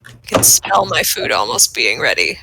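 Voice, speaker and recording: Bright, gravelly-voiced playful woman. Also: very deep voice, sing-song, normal speed. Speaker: tabletop game player. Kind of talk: casual chat.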